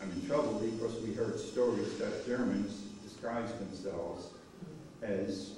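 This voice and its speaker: An elderly cantor, unhurried as he tells a story and acts out each exchange. His voice carries from well back in a very echoey synagogue hall, with a faint hum of noise underneath. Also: lowish voice, distant mic. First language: Polish. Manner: animated storyteller acting out dialogue. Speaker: cantor giving a memorial talk. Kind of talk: storytelling talk.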